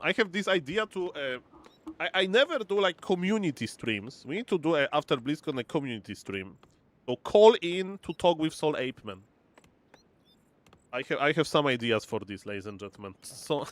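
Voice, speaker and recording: A man's voice: mid-range voice, no echo. Playful, chatty male esports caster. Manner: playful, chatty, exclaims and reads chat aloud. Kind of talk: casual live-stream game commentary.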